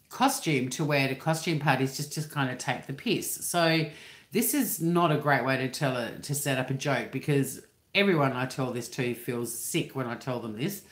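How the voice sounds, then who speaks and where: Australian accent, woman in her fifties, low voice, casual rambling chat, roomy echo. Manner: rambling, swears freely, quick laughs. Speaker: livestream host. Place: living room at home.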